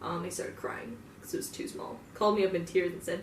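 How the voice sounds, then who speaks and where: Talking a little fast in a steady, lowish voice, a young woman delivers a profane, rambling in-character monologue full of fillers. She's a fan roleplayer, recorded from a distance in an echoey room with faint background hum.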